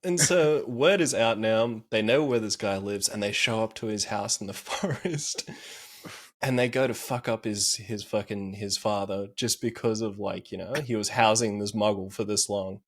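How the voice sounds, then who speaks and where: A man's voice: on the low side, normal speed. A young man recapping anime on a podcast, laughing often and swearing casually as he tells the story.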